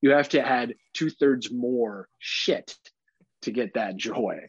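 Male podcast co-host, husky voice, candid and profane, dry dull recording. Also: medium pitch, slow, dry recording. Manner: candid, swears freely, animated impressions. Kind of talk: casual chat.

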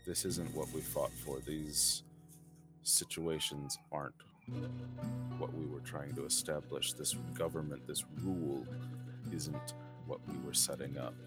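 A man playing his character in a tabletop game, speaking in a grim, resolute and deliberate way. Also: rumbling low, level tone. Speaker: player. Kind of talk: in-character role-play. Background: music.

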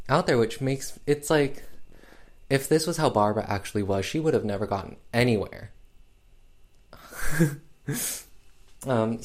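A man giving a casual, sarcastic film review, rambling with lots of fillers. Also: mid-range voice.

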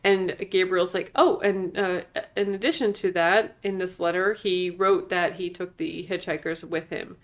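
A woman's voice: lowish voice, fairly even intonation, a little slow, hardly any pauses. A woman co-hosting a podcast, emphatically filling in plot details while chatting casually about a movie. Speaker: podcast co-host. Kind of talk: casual movie recap chat.

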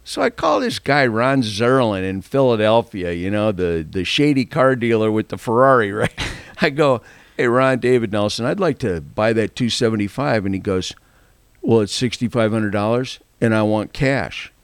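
An older man tells a rambling story, laughing as he goes. His voice is gravelly and he acts out each person he quotes. The sound is dry and close, with no room echo. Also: on the low side, expressive, moderate pace. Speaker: guest telling a story. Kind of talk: casual storytelling.

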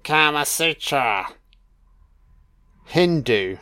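A man talks through a film in a relaxed, unhurried way, sprinkling in swear words and filler as he goes. His voice is smooth and clear at a middling pitch. The sound is close and dry, with no room around it. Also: no room sound. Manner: laid-back and profane, full of "you know". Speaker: film commentator. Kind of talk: casual film commentary.

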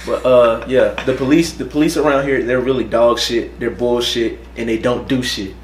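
A man's voice: medium pitch, normal speed. Profane young man, echoey phone recording. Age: young adult. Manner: animated, profane, storytelling. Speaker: podcast co-host. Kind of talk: casual chat. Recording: echoey room, faint noise.

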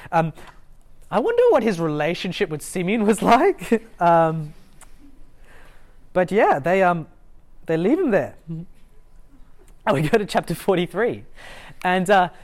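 This young adult Bible teacher speaks with a medium pitch and a darkish tone, swinging widely in pitch, taking it slow and pausing often. Addressing a student group in a lecture room, the student ministry leader keeps it conversational, with fillers, restarts and soft chuckles.

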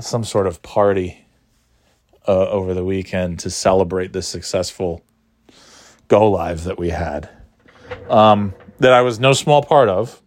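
A man's voice: fairly low pitch, dry recording, clean studio sound. Tired, sarcastic man rambling on. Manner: sarcastic, swears freely, self-mocking. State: tired, yawning. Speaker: vlogger. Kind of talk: casual rambling monologue.

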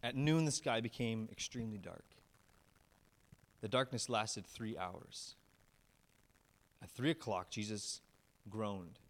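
A man, a pastor, preaching a sermon. He tells the story with feeling, raising his voice on some lines and dropping low and quiet on others. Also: slow pace, pauses often. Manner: animated storyteller, swings from raised emphatic lines to low hushed ones.

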